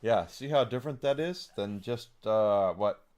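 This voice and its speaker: A man's voice: fairly low pitch, animated, measured pace, darkish tone. A man streaming a game, chatting with amusement and plenty of filler words. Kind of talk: casual let's-play commentary.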